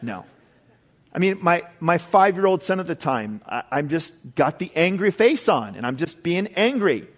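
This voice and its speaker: A man's voice: a little high, very animated, moderate pace. A middle-aged man preaching a sermon as pastor, casual and conversational, with frequent asides to the congregation.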